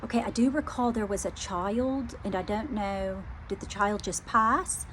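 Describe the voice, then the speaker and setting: A woman's voice: mid-range voice, a little slow, a bit bright. Woman medium with a mid-range voice giving a hesitant, emotional channelling reading over faint noise. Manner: hesitant, repeats phrases, many fillers. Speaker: psychic medium. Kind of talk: live psychic channelling reading.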